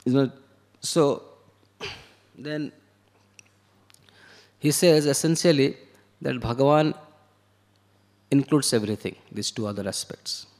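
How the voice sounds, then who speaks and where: A man teaching a scripture class, explaining verses and word meanings one step at a time and sometimes chanting lines in Sanskrit. His voice sits at a middle pitch. A long reverb trails after his words, as if he is speaking in a large hall. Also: slow pace, pauses often, darkish tone.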